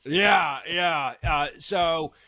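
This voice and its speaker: A man's voice: fairly high pitch, drawn-out words, creaky, sharp tone, no room sound. A man, a law professor guest in a casual radio interview, thinking aloud with many fillers and restarts. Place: radio studio.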